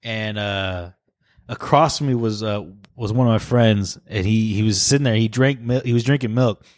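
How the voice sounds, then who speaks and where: A young man co-hosting a casual podcast chat, telling stories in a relaxed way with plenty of fillers. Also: lowish voice, moderate pace, no room sound, clean studio sound. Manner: relaxed, reflective storyteller with fillers. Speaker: podcast co-host.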